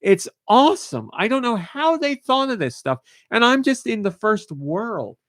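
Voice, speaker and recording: A man's voice: very high voice, very animated, unhurried, a bit bright, dry recording, clean studio sound. A man hosting a podcast, chatting casually and gushing with enthusiasm. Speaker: podcast host.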